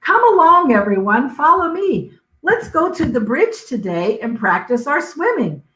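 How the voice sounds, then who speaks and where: A woman voicing a gentle duck-raised crocodile. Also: high voice, big pitch swings, a little slow, reverberant, slight background noise, pitched above the performer's own voice, exaggerated voice, poor audio. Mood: cheerful. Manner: earnest, playful. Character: young crocodile raised by ducks, gentle, clever.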